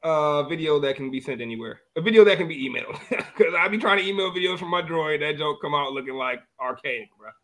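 High-voiced slangy man hosting a chat. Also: lively intonation, fast, a bit bright. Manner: loose slangy banter, laughs often. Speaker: podcast host. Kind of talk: casual chat.

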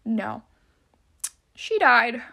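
A woman's voice: on the high side, big pitch swings, very slow, sharp tone. A young woman hosting a casual solo podcast, rambling and chatty with lots of filler words. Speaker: podcast host.

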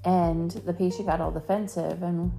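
A woman co-hosting a podcast in casual chat, playful and quick to laugh, with dry comebacks. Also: fairly low pitch, steady tone, vocal fry, warm tone, soft background music. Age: adult, older than co-host. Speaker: podcast co-host.

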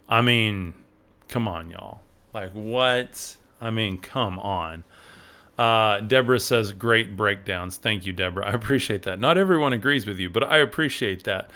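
A man's voice: fairly low pitch, a little slow, bright, forceful tone. A man hosting a podcast, rambling casually as he answers viewer comments on a religious text. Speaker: podcast host.

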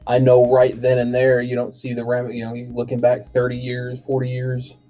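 A man's voice: medium pitch, monotone, normal speed, dark tone. A man hosting a casual podcast chat, rambling with many fillers and restarts. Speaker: podcast host. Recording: faint bed music behind.

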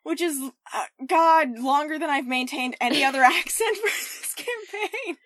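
A woman on a casual podcast, an animated storyteller who swears and laughs as she recounts running a tabletop game. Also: high voice, moderate pace, no echo, studio quality. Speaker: podcast co-host and game master. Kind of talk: casual chat.

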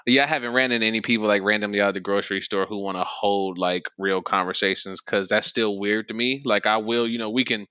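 Fast-talking blunt man from Ohio. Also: lowish voice, little pitch movement, sharp tone, clean tone, no room sound. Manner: blunt, profane, slangy. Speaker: podcast co-host. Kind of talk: casual chat.

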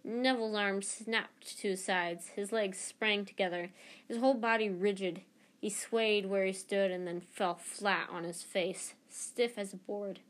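Woman reading a novel out loud, stumbles and restarts a lot. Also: medium pitch. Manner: unpolished, with frequent slips and restarts. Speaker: audiobook reader.

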